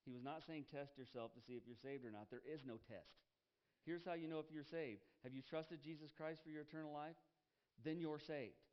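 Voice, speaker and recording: Emphatic pastor, dull headset sound. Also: male voice, on the high side, brisk, clean tone. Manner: emphatic, repeats key phrases, asks the congregation questions. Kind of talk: sermon.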